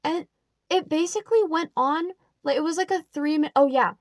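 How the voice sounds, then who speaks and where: A young woman vents on camera about an encounter. Her voice sits a little high, and she talks in a quick, filler-heavy, exasperated way. The recording is close and dry with no room sound. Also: dry recording. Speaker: vlogger. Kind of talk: casual storytelling rant.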